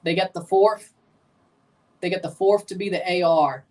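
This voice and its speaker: A man's voice: high-pitched, steady tone, moderate pace, a little mellow. A young man giving rambling, jokey live commentary while watching a match and chatting to his viewers. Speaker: watchalong streamer.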